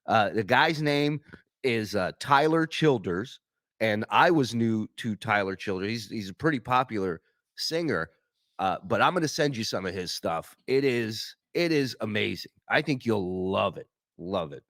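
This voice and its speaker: A man's voice: on the low side, animated, a little slow, fairly bright tone, dry recording, clean studio sound. A man from New York co-hosting a podcast, telling a self-deprecating, enthusiastic story in casual chat. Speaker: podcast co-host.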